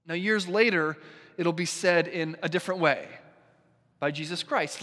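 A male pastor preaching a sermon in a church, with a deliberate, emphatic delivery and dramatic pauses. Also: fairly high pitch, sharp tone. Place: church sanctuary. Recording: long church reverb.

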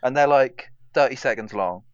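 A man's voice: medium pitch, normal speed, dry recording. A man co-hosting a podcast, talking in a laid-back, rambling way. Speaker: podcast co-host. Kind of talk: casual chat. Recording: dry, dull lo-fi sound.

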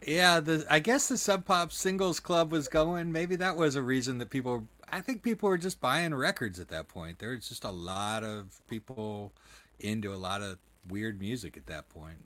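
Bright-voiced enthusiastic man. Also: mid-range voice, no room sound. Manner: enthusiastic, quick to laugh, lots of yeahs. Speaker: record label owner. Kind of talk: casual conversation.

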